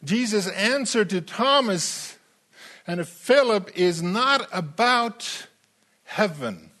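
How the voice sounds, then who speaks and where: A man preaching a sermon in a slow, emphatic way, repeating phrases as he builds his point. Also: sits high, expressive, bright, forceful tone.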